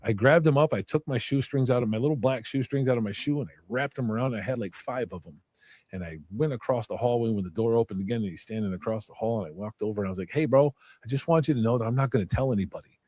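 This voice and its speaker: A man calmly and candidly recounting a violent jail memory in casual storytelling. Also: medium pitch, fast talker, no room sound. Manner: candid, matter-of-fact recounting.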